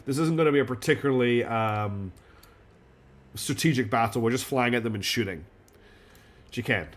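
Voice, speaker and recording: A man's voice: mid-range voice, normal speed. Chatty man thinking aloud. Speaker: streamer playing a strategy game. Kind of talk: live game commentary.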